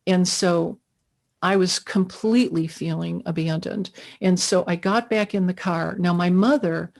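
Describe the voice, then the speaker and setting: A woman's voice: on the low side, steady tone, a little slow, creaky, a little mellow. Earnest woman recounting a strange night. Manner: earnest, emotional storytelling with quoted inner speech. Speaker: witness speaker. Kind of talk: personal testimony.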